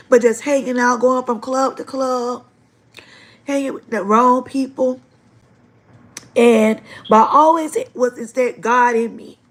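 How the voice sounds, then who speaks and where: A woman hosting a livestream gives an earnest, emotional faith testimony directly to her viewers. Her voice is high and gravelly.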